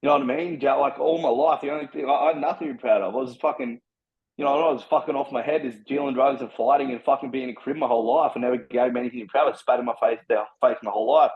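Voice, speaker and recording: A young Australian man talking fast and bluntly, swearing freely as he tells his story in a relaxed chat. His voice sits at an average pitch, and the recording sounds a little dull and lo-fi. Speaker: personal trainer guest. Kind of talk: casual podcast storytelling.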